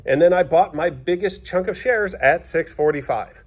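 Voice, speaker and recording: A man with a fairly high voice talks in a folksy, joking way, out by the grill. He keeps checking in with "all right?" and "okay?" and sounds like he is chatting with friends. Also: normal speed. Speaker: finance vlogger. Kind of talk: casual chat to camera. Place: outdoors at a barbecue grill.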